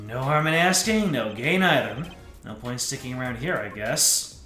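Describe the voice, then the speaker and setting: A man's voice: mid-range voice, animated, normal speed, pushed and bright, roomy sound, faint music behind. A man streaming a game, reading its lines aloud with playful jokes. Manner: playful, joking. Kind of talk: let's play commentary, reading dialogue aloud.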